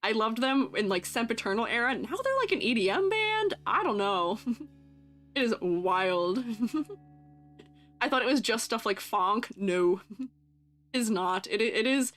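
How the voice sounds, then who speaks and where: A woman's voice: fairly high pitch, big pitch swings, measured pace, long pauses, a bit bright, faint music behind. Giggly young woman chatting on stream. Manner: giggly, teasing, laughs often. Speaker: streamer and art teacher. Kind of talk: casual live-stream chat with viewers.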